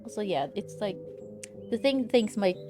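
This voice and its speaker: A woman's voice: medium pitch, lively intonation, moderate pace, music in the background. A woman streamer chatting casually and reading game text aloud, chatty and self-mocking.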